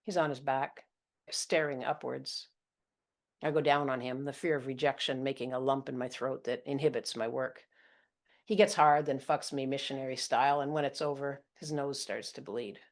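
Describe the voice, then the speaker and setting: A woman's voice: extremely low pitch, fairly even intonation, normal speed. A woman narrating her own first-person serial story in a blunt, intimate, confessional manner.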